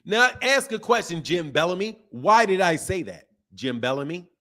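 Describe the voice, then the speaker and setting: Casting note: slangy, emphatic male stream host, slightly higher-pitched, laughing and riffing loosely. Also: animated, moderate pace, bright, forceful tone. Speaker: boxing channel host. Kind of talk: casual live-stream chat reading viewer comments.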